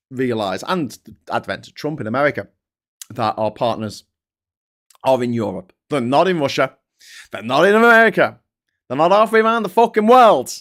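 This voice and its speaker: A man hosting a live stream, reading out viewer comments and ranting in an animated way with plenty of swearing. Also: mid-range voice. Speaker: host.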